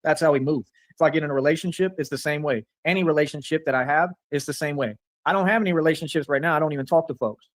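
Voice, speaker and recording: A man's voice: a little high, rapid-fire, few pauses, dry recording. A man delivering a rambling, boastful livestream rant, confrontational and full of repeated filler phrases. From Rio Grande Valley, Texas. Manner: angry and confrontational. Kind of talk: ranting livestream monologue.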